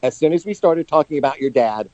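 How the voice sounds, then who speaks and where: A man's voice: fairly high pitch, lively intonation, quick pace, a little mellow, no echo. A man, a psychic medium, telling personal stories earnestly and openly in a phone interview. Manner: earnest, open about emotion. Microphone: telephone. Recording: dull, lo-fi phone line.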